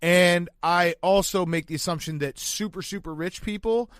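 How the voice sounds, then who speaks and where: Chatty, higher-voiced male podcast host. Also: moderate pace, smooth, no room sound, clean studio sound. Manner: animated and loose, with frequent restarts and swearing. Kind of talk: casual sports podcast chat.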